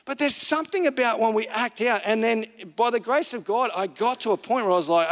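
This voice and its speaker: Man, pastor, high voice, relaxed conversational sermon, lots of repeated phrases, long hall reverb. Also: a little fast.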